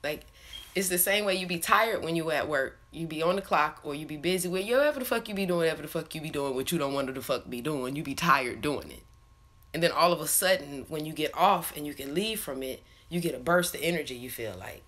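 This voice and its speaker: A young woman vlogger chats casually to camera for her followers, telling rambling stories, swearing freely and laughing often. Her voice sits low, fairly bright, with a quick pace.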